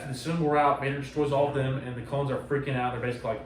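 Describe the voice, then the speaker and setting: Speaking very fast with hardly a pause, this man has a medium-pitched voice and fairly even intonation. As host of a casual podcast, he animatedly recounts a comic book plot, acting out quotes and swearing heavily. A distant mic gives the audio a roomy feel and some faint noise.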